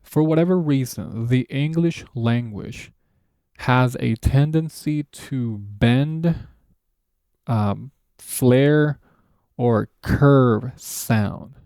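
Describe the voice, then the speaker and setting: A man whose first language is Spanish, teaching a casual video lesson and dropping joking, sarcastic asides. His voice is gravelly and mellow. The recording is dry and close. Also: medium pitch, very slow, no room sound. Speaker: language teacher and channel host.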